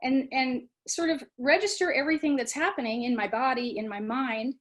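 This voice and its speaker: Woman talking mindfulness, fairly high voice. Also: moderate pace, a bit bright. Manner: conversational, acts out students' inner voices. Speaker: study abroad program director. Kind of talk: informal talk on mindfulness.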